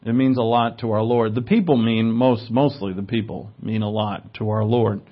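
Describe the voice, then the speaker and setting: A man's voice: fairly low pitch, steady tone, moderate pace, narrow, tinny audio. A man preaching a sermon in a conversational teaching style, with asides and fillers.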